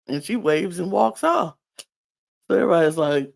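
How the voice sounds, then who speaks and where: A woman's voice: fairly low pitch, lively intonation, normal speed, gravelly, pauses often. A woman casually recapping a reality show, chatty and rambling with frequent ums and restarts. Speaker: podcast recapper.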